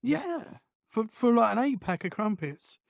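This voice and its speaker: A woman's voice: fairly high pitch, big pitch swings, unhurried, vocal fry, darkish tone, no room sound, clean studio sound. A British woman co-hosting a casual podcast chat, easygoing and laughing often. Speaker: podcast co-host.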